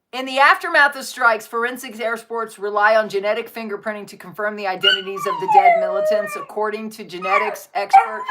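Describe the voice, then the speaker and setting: A woman's voice: fairly high pitch, bright, forceful tone. A woman hosting a casual live stream, reading news articles aloud and adding her own faith-based commentary, now and then breaking off to coo at her dogs.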